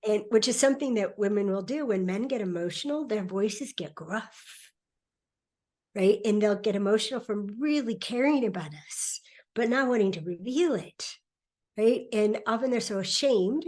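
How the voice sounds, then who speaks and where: A middle-aged woman speaking as a podcast guest in a relaxed conversation, animated and laughing often as she acts out quoted voices. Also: medium pitch, moderate pace. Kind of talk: conversational interview.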